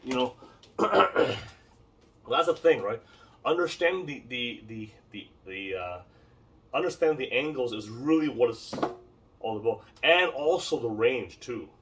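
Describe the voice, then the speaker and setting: A man's voice: mid-range voice, expressive, unhurried, a bit bright. Guy teaching a martial arts drill, rambly and repeats himself, mic kinda far off, noisy. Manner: rambling, repeats words, emphatic. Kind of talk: casual demonstration lesson. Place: home training space.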